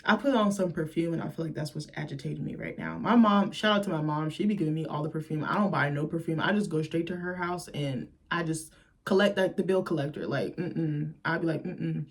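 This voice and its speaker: A woman's voice: sits low, fast talker. Sassy lady vlogger ranting about a film, swears a lot, chatty. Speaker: host. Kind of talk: casual movie commentary.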